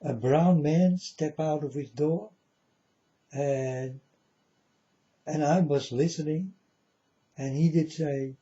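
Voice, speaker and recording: A man's voice: fairly high pitch, unhurried, long pauses, warm tone, highs cut off. A man talking straight to his viewers in a rambling, earnest monologue, calling them folks and insisting he is serious.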